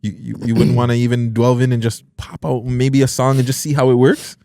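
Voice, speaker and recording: A man's voice: mid-range voice, flat delivery, fairly quick, creaky, warm tone, dry recording, studio quality. A man hosting a casual podcast interview, asking questions in a curious, laid-back way. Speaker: podcast host.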